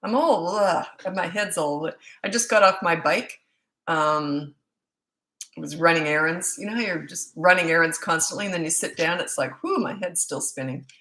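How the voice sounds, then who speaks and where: Speaking at a moderate pace in a lowish, slightly bright voice, this Canadian parenting coach talks candidly with her live-stream Q&A audience and says hello to people by where they're tuning in from. The audio, captured on her own microphone setup, is poor.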